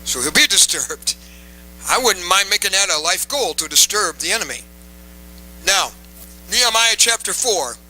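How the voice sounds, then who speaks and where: Emphatic bright-voiced male preacher. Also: high-pitched, lively intonation, normal speed, long pauses, a little hiss or hum, poor audio. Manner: emphatic, repeats key phrases, coaxes audience to respond. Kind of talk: sermon. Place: before a live audience.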